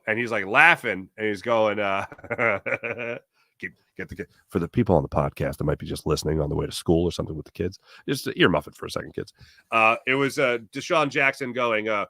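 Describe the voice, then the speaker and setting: Lively sports host, bright forceful voice, dry close sound, jokey chat reader. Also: male voice, fairly low pitch, fairly quick, no room sound. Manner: animated, jokey, reads live chat aloud. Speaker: podcast host. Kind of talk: casual sports talk show with ad read.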